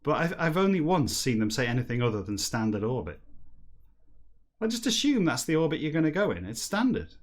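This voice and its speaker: A man with a fairly high, animated voice who rambles in a wry, chatty way. He talks to a livestream audience between deadpan comic readings, his pitch bouncing up and down. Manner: chatty, rambling and wry, breaking into silly slow-read dialogue. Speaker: host reading a book backwards for comedy. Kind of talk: livestreamed comedic reading and chat.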